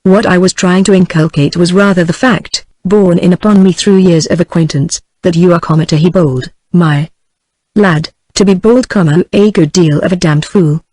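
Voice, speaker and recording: A woman's voice: lowish voice, normal speed, no echo, lightly acted. A text-to-speech woman's voice with a British English accent, reading the lines of a mocking, easygoing Irish man without changing her voice. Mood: teasing. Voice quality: flat synthetic delivery.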